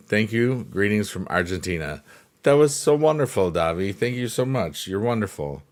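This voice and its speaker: A man's voice: on the low side, expressive, moderate pace. A man hosting a casual livestream, joking, laughing often and answering chat by name. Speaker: livestream host. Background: faint piano music.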